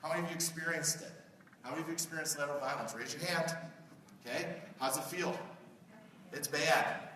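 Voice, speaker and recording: A man's voice: fairly high pitch, steady tone, brisk, long pauses, sharp tone, slight background noise. A middle-aged man giving a conversational conference keynote, often asking the audience questions. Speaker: keynote speaker. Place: large conference hall. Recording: echoey hall recorded from far off.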